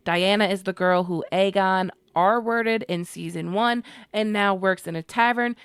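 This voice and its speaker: A woman giving a casual, expressive recap of a TV episode, slangy and emotionally invested. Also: medium pitch, a little slow, clear, resonant tone, no room sound. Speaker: TV show reviewer.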